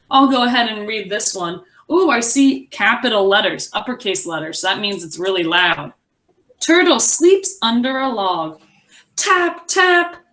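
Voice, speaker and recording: A young adult woman teaching a reading lesson to a class, encouraging and expressive as she reads aloud. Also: medium pitch.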